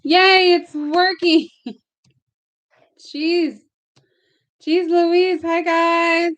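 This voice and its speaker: Young woman, high voice, unhurried, chatty tarot live-streamer in her bedroom, bubbly and giggly. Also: little pitch movement. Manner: bubbly, greets chat viewers by name, laughs often. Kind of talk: casual live-stream chat.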